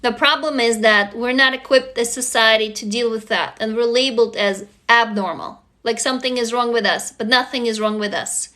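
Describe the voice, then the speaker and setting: A woman with a high, bright voice hosts a casual livestream from her phone. She talks earnestly and with feeling, straight to her viewers, with the odd curse word. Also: normal speed, few pauses. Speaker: livestream host. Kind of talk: casual self-help livestream talk.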